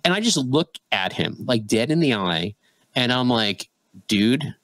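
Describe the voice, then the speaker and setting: Dry, mid-pitched man telling a story. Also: normal speed, dry recording, rough recording. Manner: animated anecdote telling, heavy fillers. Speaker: podcast co-host. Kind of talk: casual conversation, storytelling.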